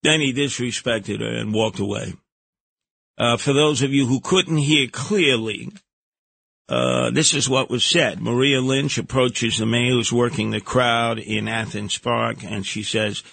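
A man's voice: unhurried, gravelly, sharp tone, no room sound. A man with a New York accent hosting a radio talk show, delivering an indignant, emphatic monologue. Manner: indignant, emphatic, pitch jumps on outrage.

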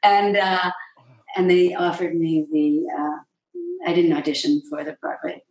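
A woman's voice: on the low side, unhurried, darkish tone. A woman stage actress telling stories as an interview guest, chatty, breaking off mid-sentence and acting out what others said. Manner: chatty, self-interrupting, acts out quotes. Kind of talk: anecdotal interview storytelling. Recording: roomy echo, distant mic.

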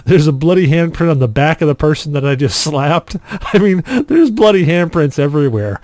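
A man co-hosting a podcast, telling a story in a casual, animated way and acting out the quotes. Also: fairly high pitch, moderate pace, dry recording. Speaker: podcast co-host.

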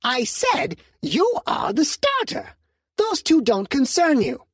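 A man voicing a small, furry alien mob boss, haughty and menacing, speaking slowly and coldly in an audiobook. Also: extremely high pitch, huge pitch swings, a bit bright, no room sound, clean studio sound, voice pushed up, heavily acted. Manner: slow, cold, threatening. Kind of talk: audiobook character voice.

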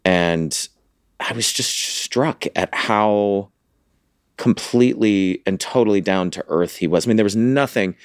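A man co-hosting a podcast in casual chat, jokey and animated. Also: on the low side, measured pace, clean tone, dry recording, studio quality. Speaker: podcast co-host.

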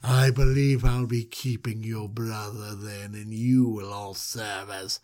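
A man voicing a creepy, menacing ruler in a low, slow, drawn-out purr in a comic retelling. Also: steady tone, a little mellow. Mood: sinister.

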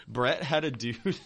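A man co-hosting a podcast, talking loose and easy. His voice is bright and forward. He laughs a lot and swears without a second thought. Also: mid-range voice, gravelly, a little hiss or hum. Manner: laid-back, laughs often, swears casually. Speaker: podcast co-host. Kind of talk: casual chat.

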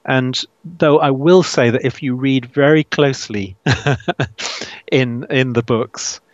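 An author guest in a casual interview speaks slowly at a middling pitch, answering in a thoughtful, searching way. He often restarts his sentences and laughs softly. The audio is dull and lo-fi, with no room echo at all.

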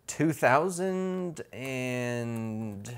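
A man's voice: medium pitch, expressive, drawn-out words, gravelly, clear, resonant tone. A man co-hosting a casual comics podcast, laughing often and protesting the teasing. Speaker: podcast co-host.

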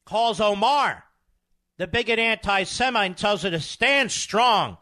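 A man delivering a talk radio monologue in a fairly high, very animated voice that swings widely in pitch. He is emphatic and combative and often jumps into sharp high outbursts. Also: a little slow.

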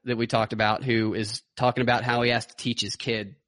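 A man's voice: mid-range voice, little pitch movement, brisk, a bit bright. Sarcastic man hosting a podcast. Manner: sarcastic, introduces clips. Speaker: podcast host. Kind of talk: casual political chat.

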